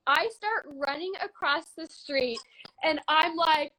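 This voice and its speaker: This is a woman from Canada, around her thirties, telling a story in a loose, chatty way. Her voice sits high and sounds bright and forward. She gets animated, laughs easily, and bursts into shouts when she acts out the scene. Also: takes it slowly, low-quality recording. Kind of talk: casual storytelling.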